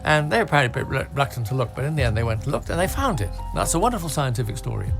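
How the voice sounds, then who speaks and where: An older English man with a measured storytelling delivery, explaining a science story in a recorded talk. His voice sits at a middling pitch. Clear music plays underneath the clip. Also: very animated. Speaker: physicist and cleric.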